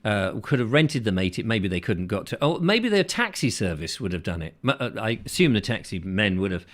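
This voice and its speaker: A man hosting a call-in show, chatting casually with rambling jokes and a jumpy, lively delivery. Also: a little fast, hardly any pauses. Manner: rambling, jokey, with pitch jumps. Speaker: host. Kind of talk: casual comedic chat.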